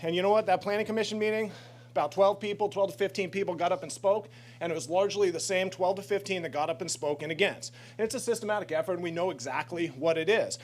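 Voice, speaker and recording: Impassioned high-voiced man at a podium. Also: fast talker, slight background noise. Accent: American. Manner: impassioned, confrontational. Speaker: public commenter. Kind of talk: public comment at a council meeting.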